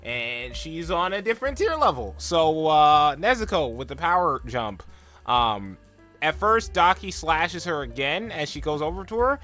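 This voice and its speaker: A young man with a bright, sharp-edged voice talks through an episode recap in a loose, rambling way. He leans on "like" and "um", and slips into quick put-on voices for the characters. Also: a little high, sing-song, soft background music. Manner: rambling, filler-heavy retelling, full of "like" and "um". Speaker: anime reaction vlogger. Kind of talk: casual episode recap and reaction.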